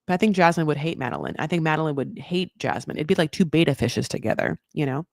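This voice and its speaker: A woman's voice: sits low, quick pace, creaky, no echo, studio quality. A woman hosting a casual live TV recap, chatty, rambling and sarcastic. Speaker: host of a TV recap show.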